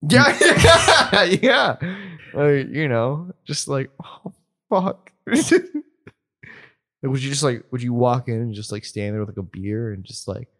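Rambling man with a lively voice. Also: medium pitch, measured pace. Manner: rambling, full of fillers and restarts, laughs often. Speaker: podcast co-host. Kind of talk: casual chat.

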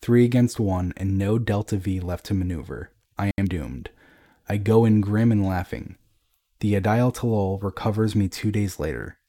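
A man reading a dramatic first-person story in a grave, measured way. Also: fairly low pitch, mellow.

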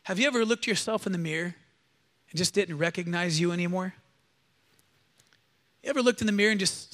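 High-voiced pastor guy preaching hard, calls the church to say it back with him. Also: expressive, brisk, pauses often, fairly bright tone. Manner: emphatic and exhortative, leading the congregation in call-and-response. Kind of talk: sermon. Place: church service.

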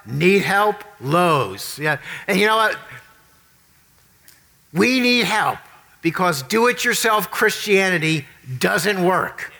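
A man's voice: sits high, bright, forceful tone. A middle-aged male pastor preaching a sermon, telling folksy joke stories before reading scripture. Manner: folksy storytelling with jokes.

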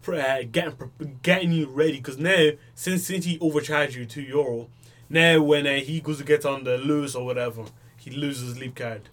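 A man's voice: fairly high pitch, normal speed. A young man chatting casually as a podcast co-host, telling a story animatedly and acting out the people in it. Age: young adult. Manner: animated storytelling, acts out quoted voices. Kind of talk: casual chat.

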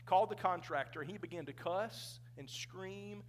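Male pastor preaching in church; high voice, conversational with the congregation. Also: normal speed, a little hiss or hum. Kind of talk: sermon. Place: church sanctuary.

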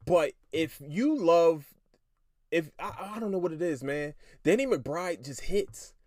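A man's voice: on the high side, animated, slow, darkish tone, no room sound, clean studio sound. Chatty profane man. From Philadelphia, USA. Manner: rambling, profane, self-interrupting. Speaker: podcast host. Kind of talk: casual TV review chat.

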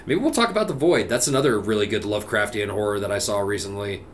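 A man's voice: lowish voice, animated, fast, slight background noise. Laid-back, foul-mouthed male podcast co-host. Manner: laid-back, profane, wraps up the show. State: a bit tipsy from beers. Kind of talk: casual chat.

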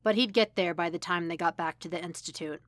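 A woman reading fan fiction aloud as a podfic narrator, measured and even. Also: lowish voice, no echo, clean studio sound. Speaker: podfic reader. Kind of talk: audiobook-style fiction reading.

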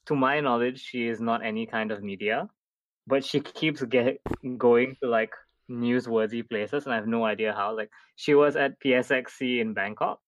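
A man's voice: medium pitch, moderate pace, dull audio. A man co-hosting a gaming podcast, chatting casually in a wry, joking way and filling his talk with "like.". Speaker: podcast co-host. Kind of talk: casual chat.

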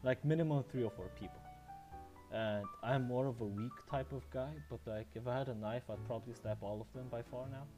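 A man speaks haltingly in a relaxed call-in chat, leaning on filler words as he searches for what to say. Faint music plays underneath. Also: mid-range voice. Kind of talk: casual chat over a call. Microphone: online call.

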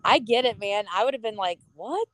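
A woman from the American Midwest co-hosting a podcast, animated and acting out little quotes as she talks. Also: a little high, fairly quick, no room sound. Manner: animated storyteller, acts out quotes. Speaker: podcast co-host. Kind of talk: casual chat.

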